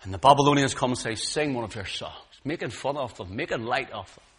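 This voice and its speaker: A male preacher delivering a fervent sermon, dropping to hushed low lines and then rising to loud, raised outbursts, often repeating words as he gets worked up. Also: lively intonation, a little fast, breathy edge.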